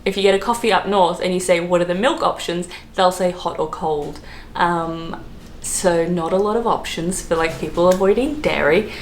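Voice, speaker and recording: A hungover Australian woman chatting casually to camera as a travel vlogger, full of fillers and quick laughs. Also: lowish voice. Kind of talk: casual vlog chat. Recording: roomy echo, faint background noise.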